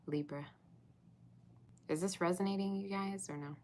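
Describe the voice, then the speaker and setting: A woman's voice: medium pitch, steady tone, moderate pace, darkish tone, slight background noise. A woman reading tarot on a live stream, chatting with viewers in the chat and sometimes dropping to a whisper. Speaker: tarot reader.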